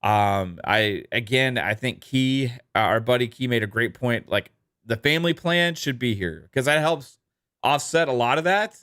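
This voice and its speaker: A man's voice: mid-range voice, expressive, moderate pace, fairly bright tone, no echo, studio quality. A man co-hosting a gaming podcast, chatting casually and reading out viewer messages, laid-back with lots of ums and easy laughs. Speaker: podcast co-host. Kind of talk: casual podcast chat reading super chats.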